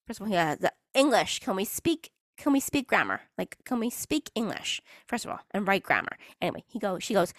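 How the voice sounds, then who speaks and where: In a medium-pitched voice with lively intonation, a woman talks fairly quickly and with few pauses while hosting her own podcast. It's a casual solo monologue, chatty and rambling, with frequent mid-sentence restarts, in studio quality with no room sound.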